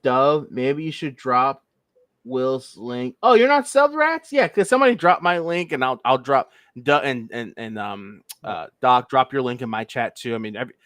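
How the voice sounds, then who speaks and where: A man's voice: medium pitch, moderate pace, a bit bright, no room sound. A man from Pennsylvania hosting a casual livestream, walking through a legal filing and skipping the boilerplate. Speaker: livestream host.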